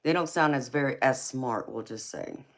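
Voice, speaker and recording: Deep-voiced Southern woman chatting live. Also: moderate pace. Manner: laid-back, giggly, calls viewers baby and honey. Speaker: tarot reader and livestream host. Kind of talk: casual live-stream chat reading viewer comments.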